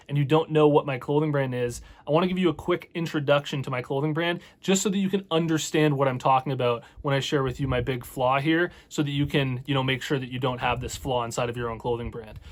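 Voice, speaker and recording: A man's voice: a little high, fairly even intonation, fast, hardly any pauses. A Canadian man with a Canadian accent hosting a casual business advice vlog as a clothing brand owner, talking openly and earnestly with frequent "you know" fillers.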